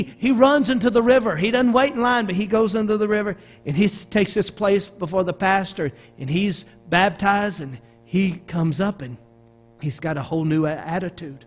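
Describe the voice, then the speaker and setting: A middle-aged man from Arkansas with a Southern American accent, preaching a sermon as a pastor in an animated storytelling manner with frequent restarts. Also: sits high.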